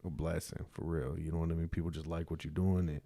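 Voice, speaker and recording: Deep gravelly man, laid-back. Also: level tone, fast, mellow, dry recording. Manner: laid-back, slangy, lots of "you know what I'm saying". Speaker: podcast guest. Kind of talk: casual interview chat.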